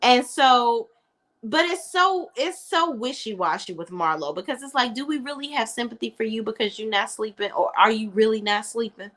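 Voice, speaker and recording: A woman's voice: fairly high pitch, normal speed, a bit bright. A woman reviewing a reality show in a casual, blunt, opinionated chat.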